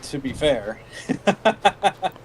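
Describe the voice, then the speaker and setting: A man's voice: fairly high pitch, very animated, drawn-out words, heavy background noise. A man streaming a game, chatting casually and muttering at the screen. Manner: laid-back, muttering at the game. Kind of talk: casual chat while gaming.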